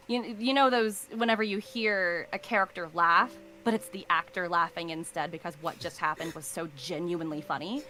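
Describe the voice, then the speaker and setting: A woman's voice: lowish voice, steady tone, moderate pace, few pauses, sharp tone, slight background noise, poor audio. A woman voice actor chatting as an interview guest, rambling with many fillers and easy laughs. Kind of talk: casual interview chat.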